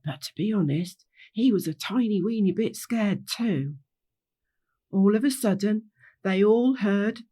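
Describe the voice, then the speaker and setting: A woman's voice: mid-range voice, animated, unhurried, mellow, breathy edge. A woman reading a children's story aloud as storyteller.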